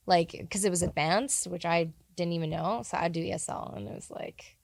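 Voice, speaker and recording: A woman co-hosting a studio podcast, speaking softly and trailing off quietly. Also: on the low side, steady tone, moderate pace, gravelly, no echo. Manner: soft-spoken, trailing off quietly. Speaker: podcast co-host. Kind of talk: casual chat.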